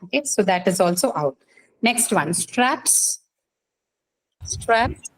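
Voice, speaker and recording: A woman's voice: a little high, lively intonation, slow, slight background noise, rough recording. Patient woman teacher quizzing students. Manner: patient, quizzing, many fillers. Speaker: English phonetics teacher. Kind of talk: online class lecture.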